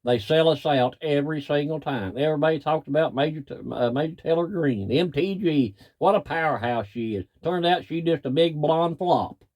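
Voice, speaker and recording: Middle-aged man, cattle farmer, fired-up folksy rant, slightly high voice. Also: normal speed, hardly any pauses, a little mellow. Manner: plain-spoken, folksy, angry. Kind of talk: frustrated rant to camera.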